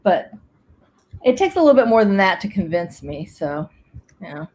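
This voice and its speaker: Skeptical woman with a lively voice. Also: medium pitch, normal speed. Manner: dry, skeptical, laughing. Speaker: guest. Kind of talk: casual chat.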